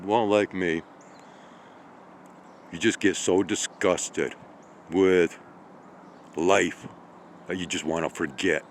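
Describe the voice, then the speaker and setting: A tired man in his late fifties rambling through a slow monologue, checking in with "okay?" and "all right?" as he goes. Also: deep voice, a little hiss or hum. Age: 50s. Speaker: channel host.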